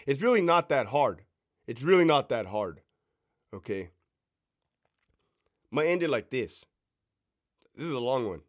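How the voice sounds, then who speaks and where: Blunt, profane ex-prison sergeant, lively voice. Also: male voice, mid-range voice. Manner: blunt, profane, emphatic, asks rhetorical questions. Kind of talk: casual storytime monologue.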